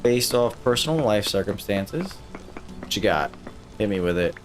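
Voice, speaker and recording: A male streamer talks to his chat while he plays, swearing freely and venting about getting stuck. His voice sits on the low side. Soft music plays under him. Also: expressive, moderate pace. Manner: profane, frustrated, talks to chat. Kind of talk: casual live gameplay commentary.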